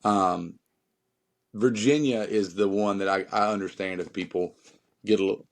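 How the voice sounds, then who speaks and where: A man's voice: fairly low pitch, normal speed, a little hiss or hum. A man from North Carolina with a Southern accent, a musician guest chatting casually and emphatically, rambling with many fillers. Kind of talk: casual podcast chat.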